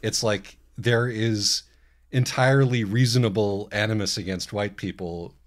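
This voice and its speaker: A man co-hosting a casual book podcast, wry and hesitant, with many pauses and restarts. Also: lowish voice, fairly even intonation. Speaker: podcast co-host. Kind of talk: casual book-discussion chat.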